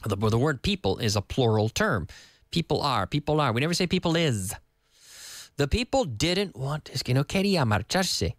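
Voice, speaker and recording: Animated male teacher, lively pitch. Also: normal speed, dry recording, studio quality. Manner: animated, playful, switches between English and Spanish. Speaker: English teacher. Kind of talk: lively TV English lesson.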